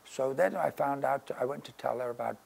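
A man's voice: mid-range voice, a little fast, creaky, a little mellow, slightly rough. An older man telling rambling stories in an interview in his studio, peppering his talk with "you know" and "you see". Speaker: interviewee, painter. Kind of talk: casual anecdotal storytelling.

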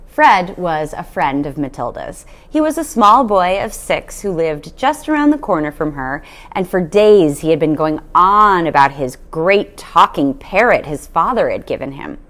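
A woman reading a children's novel aloud, with an expressive storytelling manner. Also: lowish voice, a little slow, few pauses. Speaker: storybook reader.

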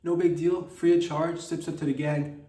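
A man's voice: on the high side, level tone, normal speed, mellow, far from the mic. Man riffing playfully, roomy off-mic sound. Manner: playful, riffing, drifts into mock accents. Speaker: comedy podcast host. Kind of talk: rambling comedic monologue.

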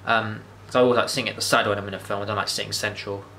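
A man's voice: fairly low pitch, fairly even intonation, rapid-fire, sharp tone, slight background noise. A man, rambling enthusiastically through a casual movie review monologue, with frequent restarts and swearing. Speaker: vlogger.

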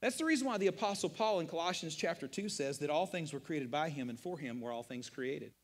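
A man's voice: a little high, animated, quick pace, big-room sound. A man preaching a sermon as pastor, emphatic and rhetorical, repeating key phrases and asking questions of his listeners. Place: church sanctuary.

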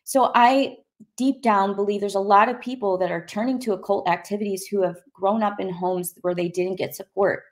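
A middle-aged woman sharing a personal testimony as an interview guest, telling her story in a lively, conversational way and acting out the voices in it. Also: medium pitch, normal speed.

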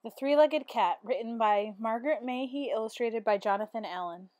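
A woman reading a children's picture book aloud in a steady, expressive way. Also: a little high, moderate pace, dry recording, clean studio sound. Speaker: teacher.

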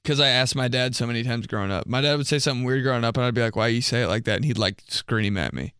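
A man's voice: medium pitch, fast talker, fairly bright tone, smooth, dry recording, clean studio sound. A young man reading out viewer messages for a comedy vlog, mock-outraged and swearing, laughing often. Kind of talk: casual comedic commentary.

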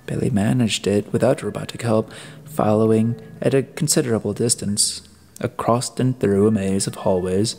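A man with a fairly low voice narrates an audiobook. His reading is deliberate, with the odd restart of a phrase. Faint music plays quietly underneath. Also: fairly even intonation, vocal fry. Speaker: audiobook reader.

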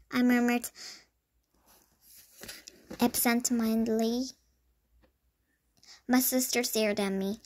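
A woman reading a children's book aloud, in a lively storytelling manner with small stumbles. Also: fairly high pitch, slow, long pauses. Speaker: storybook reader.

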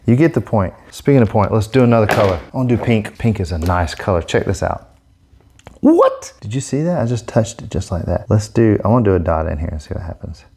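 A man hosting a casual product demo vlog, talking in an excitable, gushing way into a set-up microphone. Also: lowish voice, quick pace, hardly any pauses, a little hiss or hum. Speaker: airbrush artist demonstrating markers.

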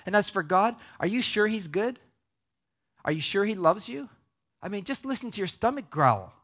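A smooth, sly devil who pretends to be a caring friend, as a man puts him on during a sermon. He wheedles and coaxes in a slightly raised voice and never drops the friendly act. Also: high voice, big pitch swings, moderate pace, a bit bright, voice pushed up, full character voice. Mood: insinuating. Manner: wheedling, persuasive, falsely caring. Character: smooth coaxing devil posing as a friend, male.

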